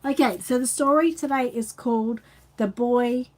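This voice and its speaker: A woman's voice: on the high side, normal speed, a little hiss or hum. An Australian woman hosting a casual live chat, rambling and reading out viewer comments while tired and yawning. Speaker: channel host.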